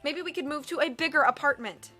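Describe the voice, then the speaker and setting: A woman voicing a vain, trend-obsessed rich lady who talks down to everyone in a high, bright, emphatic voice. She is haughty and dismissive and always sure she knows best, like a character in a read-aloud storybook. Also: quick pace, faint music behind. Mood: bossy. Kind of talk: audiobook character voice.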